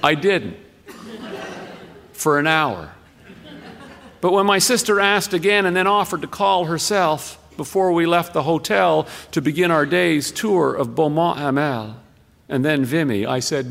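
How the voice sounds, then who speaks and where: A man tells a story on the radio at an unhurried pace, and his slightly high voice rises and falls widely. There is a gravelly edge to his tone, and the recording carries a long, hall-like reverb. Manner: slow, measured reading with expressive pauses. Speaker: storyteller reading a listener's story.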